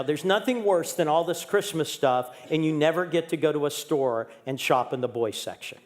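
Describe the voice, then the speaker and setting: A middle-aged man preaching in a church, telling a personal story with humor and candor. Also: fairly high pitch. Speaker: guest pastor. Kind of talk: storytelling sermon.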